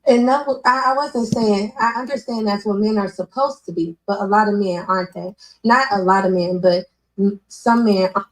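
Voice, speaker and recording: A woman talking in casual chat, thoughtful and hesitant, with frequent pauses and fillers. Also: medium pitch, rough recording.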